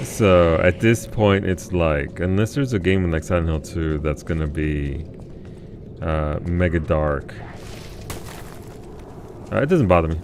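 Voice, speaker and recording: Low-voiced man streaming a game. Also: a little slow, pauses often, background noise. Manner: chatty, reads and answers chat aloud. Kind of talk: casual live-stream chat while gaming.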